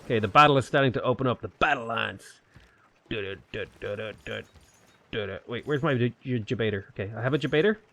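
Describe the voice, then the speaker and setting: A man commentating his own strategy gameplay live, chatting and answering viewer questions with sudden bursts of excitement. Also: mid-range voice, rapid-fire, hardly any pauses. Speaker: game streamer.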